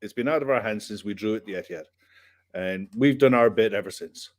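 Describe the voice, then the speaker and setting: A man co-hosting a football reaction podcast, talking in a relaxed, rambling way. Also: lowish voice, brisk. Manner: relaxed, rambling, repeats himself. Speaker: podcast co-host.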